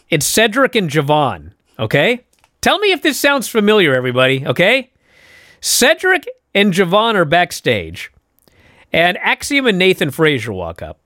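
A man co-hosting a casual wrestling podcast, telling a story and acting out the quotes with lively swings. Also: high voice, no room sound, clean studio sound. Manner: animated storytelling, acts out quotes. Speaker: podcast co-host.

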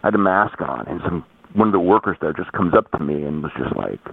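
A man telling a story in casual chat, rambling with halting restarts, heard over a tinny phone line. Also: low voice, animated, creaky, breathy edge, no room sound. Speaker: podcast guest.

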